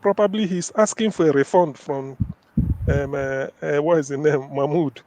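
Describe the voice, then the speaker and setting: Male caller, emphatic and repetitive, slightly raised pitch, dead-dry close mic. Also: normal speed, warm tone, no echo. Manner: emphatic, repeats words for stress. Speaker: caller giving a final statement. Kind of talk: casual discussion.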